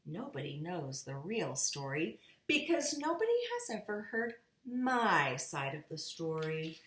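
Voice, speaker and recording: Woman storyteller, slow and lively children's read-aloud, roomy sound. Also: slight background noise. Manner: playful, voices each character with big pitch jumps. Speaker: storyteller reading picture books to her nieces.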